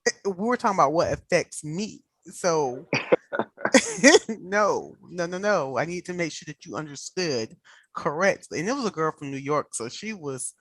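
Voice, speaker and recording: A woman with a Southern US accent, hosting a casual video call chat, animated and quick to laugh. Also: low-pitched, slightly rough, no room sound. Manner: animated, laughs often, storyteller. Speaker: host.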